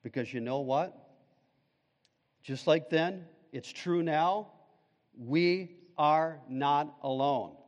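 A man preaching a sermon, swinging between loud, fervent peaks and hushed, slow passages. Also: fairly high pitch, muffled recording. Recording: long hall reverb.

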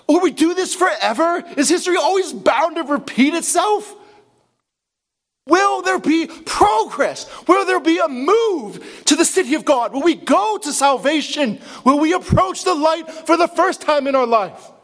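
A man's voice: very high voice, expressive, a little slow, fairly bright tone. A man preaching a sermon in a church, impassioned and full of rhetorical questions. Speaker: pastor.

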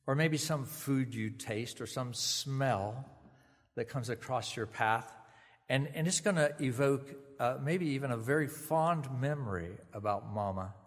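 A man giving a funeral sermon, speaking gently and conversationally with small restarts. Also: medium pitch, long reverb tail. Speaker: pastor. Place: funeral service venue.

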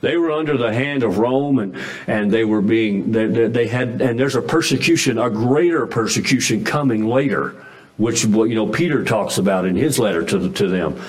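A man's voice: lowish voice, normal speed, rough recording. Folksy preaching man, emphatic. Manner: folksy, emphatic, with frequent restarts and chuckles. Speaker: pastor. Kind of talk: sermon.

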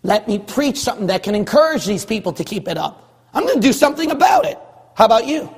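A man from California preaching a sermon as pastor of his church, hammering one phrase over and over and rising into shouts. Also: sits high, very animated, quick pace, vocal fry, breathy edge, in a large hall. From California, USA. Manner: forceful, repetitive exhorting, rising to shouts.

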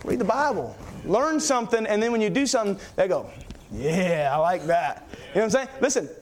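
A young man preaching a sermon in a church, telling stories in an excitable, rambling way with many fillers. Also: sits high, fast.

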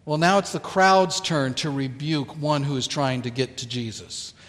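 A man preaching a sermon, telling a Bible story in a slow, deliberate way with dramatic pauses. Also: medium pitch, a bit bright, long reverb tail. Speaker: pastor.

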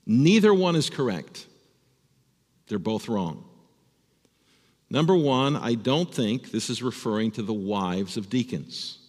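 A man's voice: medium pitch, lively intonation, slow, pauses often, darkish tone, long reverb tail. A man preaching a sermon as pastor, earnest and stumbling over repeated words as he starts phrases. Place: church sanctuary.

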